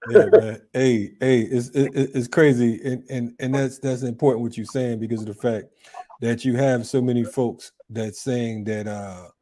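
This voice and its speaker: A man hosting an interview show, chatting casually and affirming his guest with quick interjections. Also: mid-range voice, fairly even intonation, mellow. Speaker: show host.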